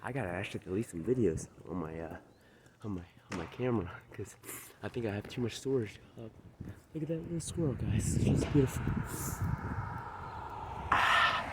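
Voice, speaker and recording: A man's voice: lowish voice, lively intonation, moderate pace, pauses often, noisy background. A man vlogging while walking outdoors, talking into a phone on a selfie stick, brash, boastful and profane, and out of breath. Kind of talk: casual walking vlog. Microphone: phone camera on a selfie stick.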